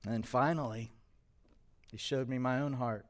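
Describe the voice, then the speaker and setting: A middle-aged male pastor telling a personal story in a sermon, emotional and halting at times. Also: medium pitch, fairly even intonation. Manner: emotional, personal testimony with pauses.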